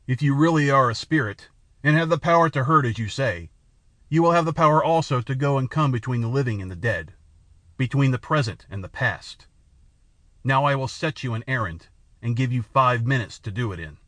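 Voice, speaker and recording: A man's voice: mid-range voice, lively intonation, normal speed, fairly bright tone, no room sound, natural voice. A man doing a haughty, guttural alien king. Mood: savage. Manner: guttural, scornful, menacing. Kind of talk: audiobook character voice.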